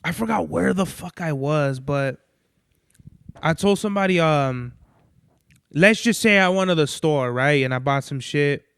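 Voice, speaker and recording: A young man with a high, smooth voice talks through a casual podcast monologue. He rambles, swears freely and loses his thread now and then. The sound is dry and close, with no room in it. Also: measured pace, fairly bright tone, dry recording. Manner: rambling, profane, loses his train of thought. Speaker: podcast host.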